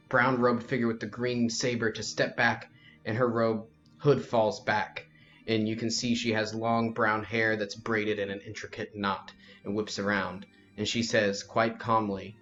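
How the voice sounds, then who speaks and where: A man narrating a tabletop role-playing game as game master, in slow, descriptive second-person narration, on a lo-fi recording with faint music. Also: fairly low pitch, fairly bright tone.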